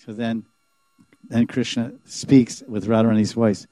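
A man telling a devotional story in a sermon, animated and chuckling as he acts out the dialogue. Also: mid-range voice, unhurried, dry recording.

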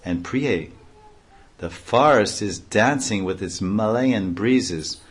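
Krishna, a joyful young dancer god, voiced by a man, sings out in a lilting, playful voice. The delivery is bright and light, a devotional storybook figure caught up in the dance. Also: fairly low pitch, slow pace, husky.

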